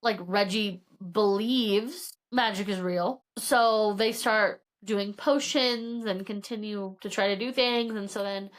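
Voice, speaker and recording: A woman's voice: medium pitch, slow pace, hardly any pauses. A woman co-hosting a podcast, casually retelling a novel's plot, acting out characters' lines and using "like" a lot. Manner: swears casually. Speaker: podcast co-host. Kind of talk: casual book chat.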